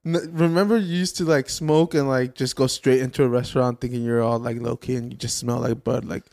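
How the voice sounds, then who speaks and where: A young man on a casual podcast, teasing his friends with quick, slangy interjections. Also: medium pitch, level tone, gravelly, a little mellow. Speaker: podcast co-host. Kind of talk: casual chat among friends.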